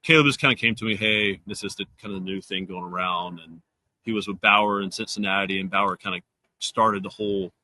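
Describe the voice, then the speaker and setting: A man's voice: fairly low pitch, fairly quick, bright, forceful tone, slight background noise, low-quality recording. A man explaining plainly and matter-of-factly as an interview guest. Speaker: professional baseball pitcher, guest. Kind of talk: casual interview chat.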